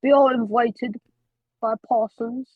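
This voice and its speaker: A woman reading aloud as a gruff old man with a thick rural dialect, halting over the odd words. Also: fairly high pitch, steady tone, dry recording, narrow, tinny audio. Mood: grumbling. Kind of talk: amateur read-aloud of a novel.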